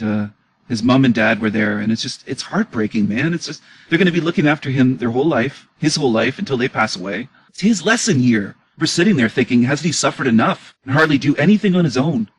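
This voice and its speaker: A man's voice: mid-range voice, fairly quick, a little hiss or hum, rough recording. A man giving an indignant, emotional reaction commentary on clips, repeating his questions as he argues.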